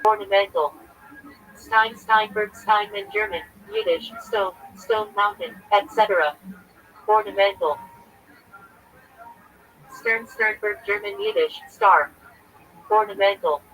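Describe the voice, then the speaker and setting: Male rabbi on a livestream, gravelly and bright-toned, reading a list in terse clipped bits with a lively, jumpy pitch. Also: takes it slowly, pauses often, low-quality recording. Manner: clipped fragments, terse and listing.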